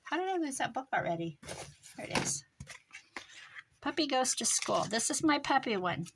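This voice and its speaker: A woman making a craft journal, chatting casually as she works and muttering to herself with quick self-corrections. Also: high-pitched, sing-song, background noise. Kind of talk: casual crafting vlog, talking while working.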